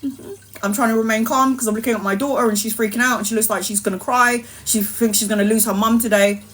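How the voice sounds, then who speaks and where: A woman's voice: on the high side, quick pace. A woman telling a wild personal story in casual, swear-filled streamer style. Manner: animated, swearing, laughing anecdote. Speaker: tarot reader, streamer.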